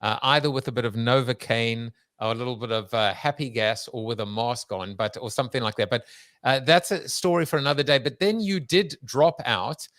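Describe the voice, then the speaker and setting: A man's voice: mid-range voice, fairly quick, a bit bright, dry recording. A man hosting an interview podcast, joking and rambling through his questions. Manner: rambling, jokey, with fillers and restarts. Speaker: podcast host. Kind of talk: conversational interview.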